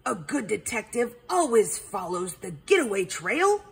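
A woman's voice: medium pitch, very animated, a little slow, creaky, slightly rough, exaggerated voice. A woman voicing an eager, self-important male owl detective in a storybook read-aloud, exclaiming dramatically. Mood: dramatic. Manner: dramatic exclaiming, sing-song.

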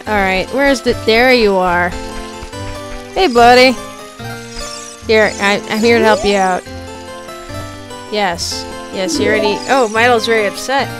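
Chatty young woman gaming over music. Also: mid-range voice. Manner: chatty, joking, swears, stammers. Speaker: gameplay streamer. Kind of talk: casual let's play commentary. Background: game music.

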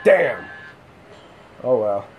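A man giving casual let's play commentary on a horror game, cursing and yelling out in bursts of excitement. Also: mid-range voice, drawn-out words, soft background music. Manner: profane, excitable outbursts. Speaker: gameplay commentator.

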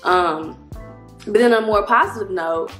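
A woman's voice: mid-range voice, normal speed, fairly bright tone, echoey room, faint music behind. A woman talking casually to her viewers in a rambling, friendly vlog, a little out of breath. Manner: chatty, rambling, addresses viewers as y'all. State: slightly out of breath. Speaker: vlogger.

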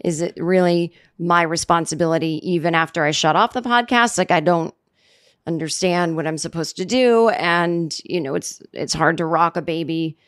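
A woman in her forties hosting a comedy podcast, talking in a rambling, sarcastic monologue full of restarts, jumping up in pitch for mock quotes. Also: a bit bright. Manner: rambling, sarcastic, self-interrupting, with many restarts. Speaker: podcast host.

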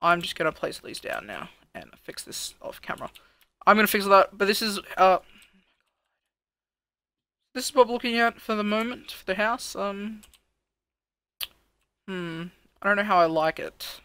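A let's play host giving casual gameplay commentary, thinking aloud, counting out loud while building, and grumbling at his own work. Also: mid-range voice, animated, normal speed, long pauses, clean tone, no echo.

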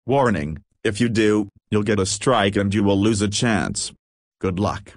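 Low text-to-speech man announcing warnings. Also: measured pace, no room sound. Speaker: narrator.

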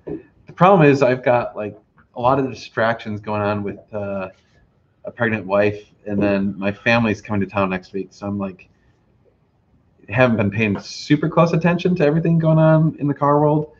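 A man's voice: on the low side, moderate pace, slight background noise. A man, hosting a casual livestream chat and rambling with lots of fillers. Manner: relaxed, rambling with many fillers. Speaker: host. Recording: slightly dull lo-fi audio.

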